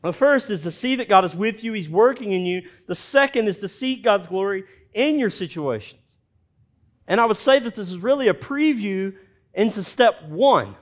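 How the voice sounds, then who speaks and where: A man with a fairly high voice preaches a sermon. He reads the scripture aloud and acts out each character's lines in an animated way, pausing to comment. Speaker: pastor.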